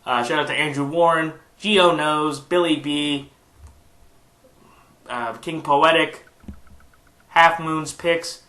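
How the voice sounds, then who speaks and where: In an echoey room, a stuffy-nosed man who makes sports picks videos on YouTube goes through his weekly football predictions. His fairly high, sharp voice rambles casually, with many fillers and restarts.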